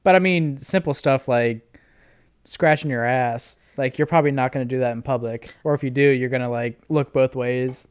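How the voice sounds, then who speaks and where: A man's voice: medium pitch, moderate pace, clear, resonant tone, no echo, studio quality. A young man co-hosting a podcast in casual chat, easygoing and agreeable. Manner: easygoing, agreeable, laughs along. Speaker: podcast co-host.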